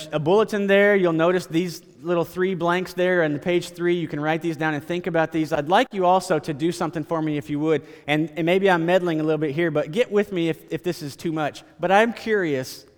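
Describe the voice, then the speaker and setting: A man's voice: a little high, normal speed, long reverb tail. A man preaching a sermon as pastor, in a conversational style, repeating phrases and stammering now and then.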